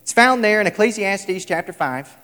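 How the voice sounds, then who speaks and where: A man preaching a sermon, emphatic, repeating his lines and swinging between loud and soft. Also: high voice, animated, moderate pace. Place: large hall, tonight service. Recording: echoey hall with long reverb.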